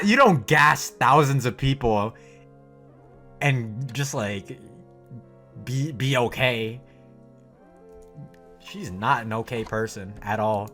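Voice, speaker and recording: Bright-voiced man reacting to anime. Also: mid-range voice. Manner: animated, swears freely, laughs a lot. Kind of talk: casual reaction commentary.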